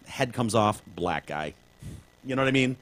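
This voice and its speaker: A man's voice: mid-range voice, lively intonation, normal speed, a bit bright. A man co-hosting a casual comedy podcast, telling stories in a jokey way and now and then slipping into silly put-on accents. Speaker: podcast co-host.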